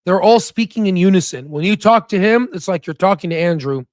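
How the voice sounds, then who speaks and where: Man, high voice, channel host, emphatic commentary, repeats points, dry close sound. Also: fairly quick, few pauses, no echo. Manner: emphatic, repeats points, asks the listeners for agreement. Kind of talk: commentary on an interview clip.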